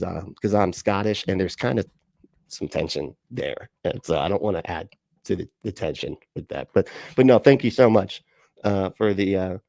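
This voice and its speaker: A man's voice: low-pitched, vocal fry, a little mellow, dry recording, studio quality. A man hosting a livestream, reacting to a clip with sarcastic, mocking commentary, swearing and laughing often. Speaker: livestream host reacting to a video.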